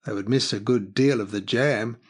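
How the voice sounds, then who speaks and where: A man narrating a literary audiobook in a measured, expressive reading. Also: fairly low pitch, slightly rough.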